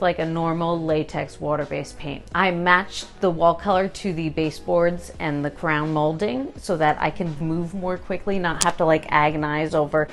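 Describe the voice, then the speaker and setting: A woman chatting casually about a kitchen renovation she did, telling stories in an animated way and laughing as she talks. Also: on the low side. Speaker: home renovation vlogger. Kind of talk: casual chat.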